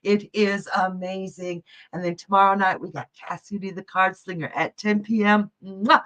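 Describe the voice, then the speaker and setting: A woman runs a live psychic reading stream with a folksy, chatty style, addressing viewers as "honey" and "love." Her medium-pitched voice is a bit bright, with fairly even intonation and a moderate pace, over dull lo-fi stream audio.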